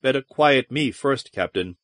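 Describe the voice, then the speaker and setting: A frightened starship officer, as a man reads him, snappy and strained. Lively pitch, dry close sound. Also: measured pace, dry recording. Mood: tense.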